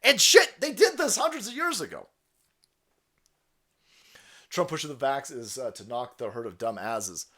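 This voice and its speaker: A middle-aged man hosting a livestream, ranting crudely and loudly, laughing and mocking people in put-on voices. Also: medium pitch, animated, moderate pace, pauses often. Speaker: livestream host. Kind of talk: profane rant to chat.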